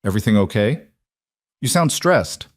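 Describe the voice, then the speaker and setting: A man reading as a knowing, curt woman, low and dry. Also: animated, normal speed, no room sound, natural voice.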